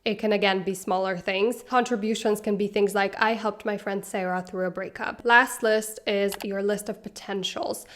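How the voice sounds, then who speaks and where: A young woman in her twenties talks straight to camera, sharing self-help tips in a chatty, upbeat way. She laughs easily and keeps a friendly, conversational flow, with a voice of ordinary middle pitch. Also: fairly even intonation, moderate pace, few pauses. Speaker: self-help video creator. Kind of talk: casual advice talk to camera.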